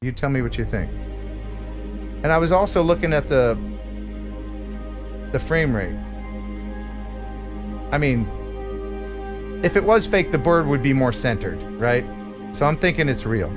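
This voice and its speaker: Man, host, casual chat, lively pitch, quiet music underneath. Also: measured pace, long pauses. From Philadelphia. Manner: chatty, laughs easily, reads viewer emails aloud. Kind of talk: casual live-stream chat.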